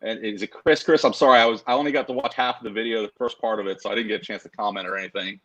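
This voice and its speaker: A man's voice: lowish voice, fairly even intonation, very fast, fairly bright tone, highs cut off. A man joining a casual interview as the guest over a video call. He talks in an easygoing way, with lots of fillers and easy laughs. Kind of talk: casual chat.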